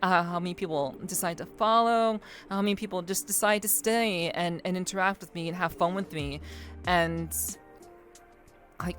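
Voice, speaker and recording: Low-voiced woman hosting a reflective chat. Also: a bit bright. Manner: reflective, earnest, many fillers and restarts. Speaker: podcast host. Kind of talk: casual podcast chat.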